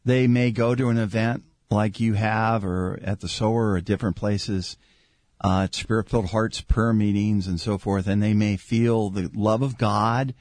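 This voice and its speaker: A man's voice: on the low side, steady tone, moderate pace, no echo. A man hosting a Christian talk show, preaching with fervor and asking guests questions. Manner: fervent, builds to shouted praise. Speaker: host.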